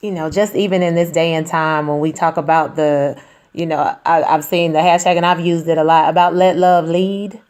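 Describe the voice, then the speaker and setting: A woman hosting an interview, speaking in a soft, reflective way with light laughs. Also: sits low, fairly even intonation, normal speed, clear, resonant tone. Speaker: host. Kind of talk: conversational interview.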